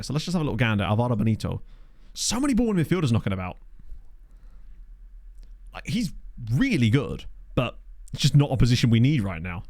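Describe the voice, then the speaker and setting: A man's voice: mid-range voice, a little mellow, no echo, studio quality. A man casually commentating his own game session, chatty and thinking aloud, with jokey asides, on a desk microphone at home. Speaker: gaming YouTuber. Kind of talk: casual let's play commentary.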